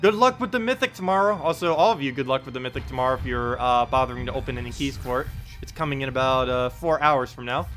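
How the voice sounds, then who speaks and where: A man's voice: medium pitch, fairly even intonation, fast, fairly bright tone, faint music behind. A man live-streaming a game in casual chat, reading out viewers' messages and laughing often as he talks. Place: home in South Carolina.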